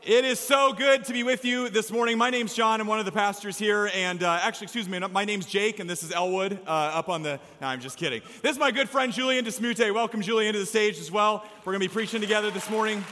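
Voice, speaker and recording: Brief: energetic male pastor, high, bright tone, playful emphatic preaching, long hall reverb. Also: a little fast, a faint crowd. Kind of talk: sermon. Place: church stage before a congregation.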